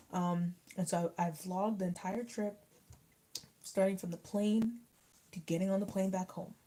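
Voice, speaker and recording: A woman's voice: fairly low pitch, dark tone, rough recording. A young woman in casual livestream chat, rambling with lots of fillers as she answers comments while eating. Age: young adult. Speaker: YouTuber reading live chat.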